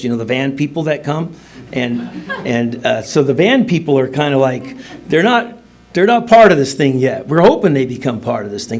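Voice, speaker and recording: A middle-aged man speaking at a recovery meeting, telling his personal story in a rambling, humorous way with casual slang. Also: a little high. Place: meeting room.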